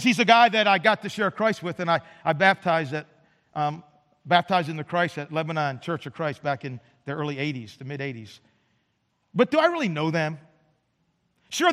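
A man's voice: high voice, a bit bright. A man in his fifties preaching a sermon with an emphatic, dramatic delivery. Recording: long hall reverb.

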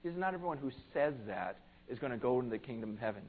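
A pastor preaching a conversational sermon in church, earnest and plain-spoken, swelling to emphatic peaks. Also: male voice, medium pitch, animated, very fast, darkish tone, rough recording.

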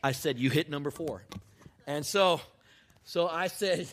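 Storytelling pastor preaching a sermon. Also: male voice, on the high side, normal speed. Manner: storytelling, joking, then softening to a hushed close. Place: church.

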